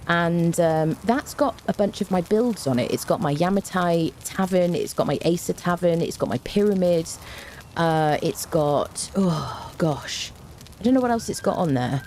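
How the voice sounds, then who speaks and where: Low-voiced chatty woman streamer. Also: lively intonation, a little slow, slight background noise. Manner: chatty, greets viewers warmly by name, many fillers. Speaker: game streamer. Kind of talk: casual live-stream chat.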